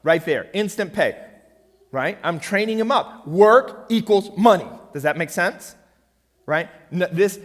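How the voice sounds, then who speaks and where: A man's voice: a little high, expressive, a little slow. Emphatic man teaching in a reverberant church hall. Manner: emphatic, checks in with the audience often. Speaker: finance seminar speaker. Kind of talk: church finance seminar talk.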